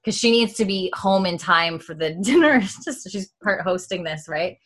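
A woman with a fairly low voice talks through a story in a loose, animated way. She keeps stopping to quote characters and laughs easily as she recaps. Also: normal speed. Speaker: podcast host recapping a TV episode. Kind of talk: casual chat, retelling scenes.

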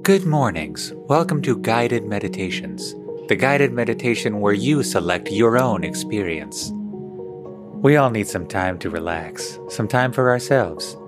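A man playing a calm guide on a phone meditation line, speaking slowly and soothingly. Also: music in the background. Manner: slow, soothing, low.

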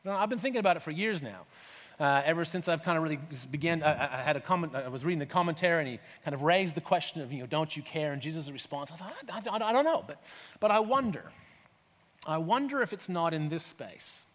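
A man's voice: a little high, fast, fairly bright tone, big-room sound. A man preaching a sermon as pastor, talking conversationally and asking his listeners rhetorical questions. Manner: conversational, asks rhetorical questions, acts out voices.

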